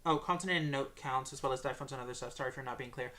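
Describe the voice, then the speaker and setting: A man's voice: mid-range voice, rapid-fire, sharp tone. A man answering viewer questions on a livestream Q&A, hesitant and full of filler sounds.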